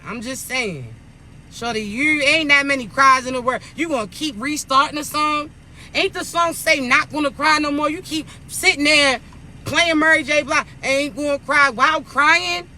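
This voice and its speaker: A man's voice: very high-pitched, normal speed, bright, forceful tone, slight background noise. A man giving a casual spiritual pep talk in a blunt, profane, scolding manner. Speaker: spiritual content creator.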